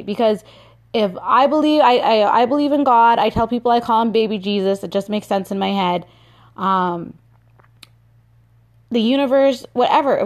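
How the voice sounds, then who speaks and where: A woman's voice: fairly high pitch, darkish tone. A woman hosting a solo motivational podcast, chatty and upbeat with lots of filler words. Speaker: podcast host.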